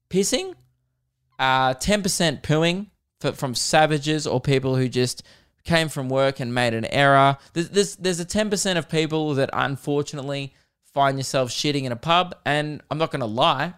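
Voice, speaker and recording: A man's voice: a little high, clear, resonant tone. Rambling, crude young man. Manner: rambling, crude and self-mocking. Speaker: podcast host. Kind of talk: casual solo podcast storytelling.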